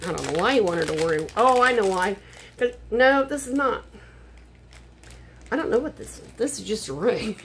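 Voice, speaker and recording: A woman's voice: medium pitch, slight background noise. Chatty older woman unboxing a haul. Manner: chatty, frustrated muttering asides. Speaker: haul vlogger. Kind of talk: casual unboxing chat. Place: home room.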